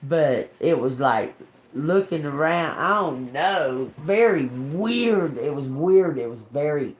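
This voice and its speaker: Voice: mid-range voice, animated, slow. A tarot reader, rambling in casual livestream chat, laughing often and swearing heavily.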